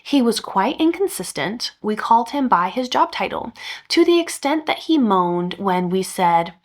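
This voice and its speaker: Brief: woman, podcast host, expressive story reading with dry humor. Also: a little high, normal speed. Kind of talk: reading a revenge story aloud.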